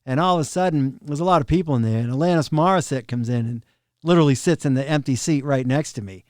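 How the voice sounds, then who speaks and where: Middle-aged male drum tech, animated storyteller, slightly high voice, dry close mic. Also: quick pace, dry recording. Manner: animated, laughs often, acts out quoted people. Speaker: professional drum tech, podcast guest. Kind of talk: casual storytelling of road anecdotes.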